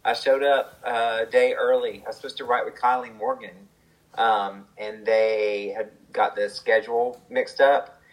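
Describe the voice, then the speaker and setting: A man recounts a songwriting session in loose, conversational storytelling. His delivery is chatty and animated, full of fillers and quick asides, and his voice sits in a middle pitch. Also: poor audio. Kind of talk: casual storytelling.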